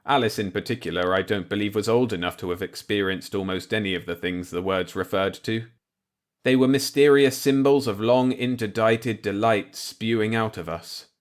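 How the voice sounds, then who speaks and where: A man reading a dark science-fiction novel aloud in the first person, measured and low-key. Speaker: audiobook narrator.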